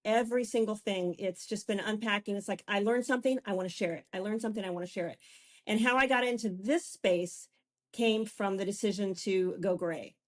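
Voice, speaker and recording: A grandmother in her fifties tells her story as a talk-show guest, gushing and emotional. She stumbles and restarts her sentences, and her voice sits at an ordinary middle pitch. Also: fairly quick. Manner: effusive, restarts often, gets emotional. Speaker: guest, beauty and wellness coach. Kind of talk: candid personal storytelling.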